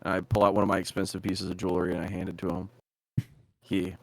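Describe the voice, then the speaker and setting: Gravelly male player. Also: low-pitched, little pitch movement, very fast, no echo. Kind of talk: playing a tabletop game in character.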